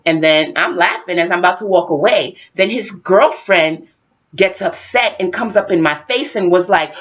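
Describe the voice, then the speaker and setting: A woman's voice: on the low side, normal speed, highs cut off. A woman vlogger telling a story and giving spiritual life advice, talking straight to her viewers. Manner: expressive, addresses viewers directly. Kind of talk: animated storytelling monologue.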